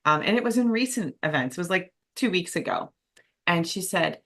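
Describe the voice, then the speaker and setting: A woman's voice: on the low side, expressive, normal speed. A woman hosting an interview podcast, responding with open enthusiasm and sharing things from her own life. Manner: warmly enthusiastic, candidly personal. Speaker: podcast host. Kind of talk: interview conversation.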